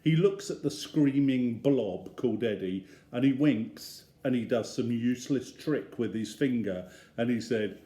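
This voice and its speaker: Unhurried man reading a story. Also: mid-range voice, warm tone. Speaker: teacher. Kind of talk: reading a children's story aloud. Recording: roomy echo.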